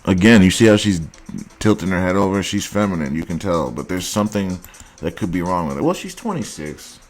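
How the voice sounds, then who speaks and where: Blunt, low-voiced male dating host. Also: fairly even intonation, brisk, soft background music. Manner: blunt, crude and mocking. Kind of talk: reaction commentary on dating profiles.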